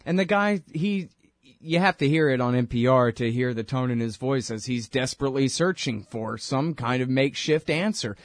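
A man's voice: mid-range voice, animated, normal speed, no echo. Man, radio host, heated, sarcastic, dry studio sound. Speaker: radio talk show host. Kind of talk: talk radio interview.

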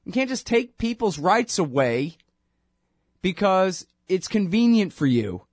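A man's voice: high voice, big pitch swings, measured pace, darkish tone, no echo, studio quality, pitched above the performer's own voice, full character voice. A man putting on a gleeful older male legal commentator who laughs off objections and lectures on rights. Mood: lecturing.

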